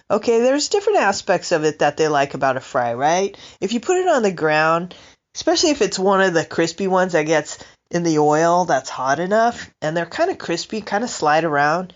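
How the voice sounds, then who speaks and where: A woman with a low voice that jumps around animatedly, rambling through a stand-up comedy monologue and asking her audience questions. The recording is dull and lo-fi. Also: big pitch swings, moderate pace. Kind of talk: comic monologue.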